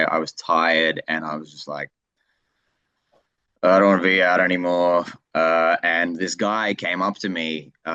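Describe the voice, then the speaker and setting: A young Australian man with a very deep voice tells stories in a relaxed, rambling way. He restarts his sentences often. The sound is dry and a little dull. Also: no room sound. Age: young adult. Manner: rambling storyteller with many restarts. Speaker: guest comedian. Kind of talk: casual interview chat.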